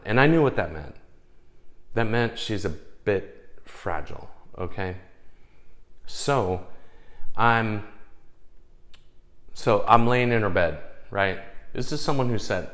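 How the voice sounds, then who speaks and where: A man's voice: on the low side, animated, slow, long pauses, fairly bright tone. Profane man telling a story. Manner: profane, emphatic, keeps asking "okay?". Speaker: vlogger. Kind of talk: casual storytelling.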